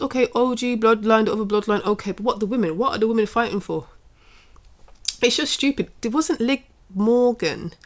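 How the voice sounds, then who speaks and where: A young adult woman hosting her own wrestling channel, giving an exasperated, opinionated rant that keeps repeating and trailing off. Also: mid-range voice. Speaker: wrestling commentary channel host. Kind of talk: opinionated casual rant to camera.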